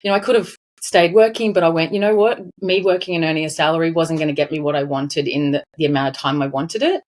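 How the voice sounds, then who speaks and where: Animated woman, lower voice. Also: fast talker. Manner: animated, laughs often, emphatic. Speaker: financial advisor guest. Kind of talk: casual interview chat.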